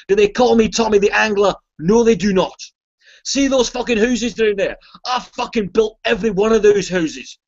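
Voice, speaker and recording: A man's voice: sits high, darkish tone, dull audio, pitched above the performer's own voice. A man putting on a bitter, middle-aged Scottish man who rants indignantly and swears a lot. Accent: Scottish, put on. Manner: ranting, indignant, heavy swearing.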